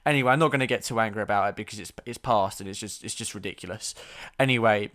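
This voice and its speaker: A man's voice: on the low side, fast talker, fairly bright tone. A young man telling a story to camera, blunt and exasperated, swearing freely. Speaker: vlogger. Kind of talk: storytime vlog.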